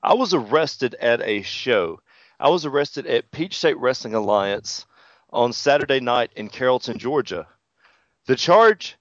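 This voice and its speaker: A man's voice: medium pitch, no echo. A man co-hosting a podcast, a pro wrestler who tells stories in a profane, joking way. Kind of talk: casual chat. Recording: dull lo-fi sound.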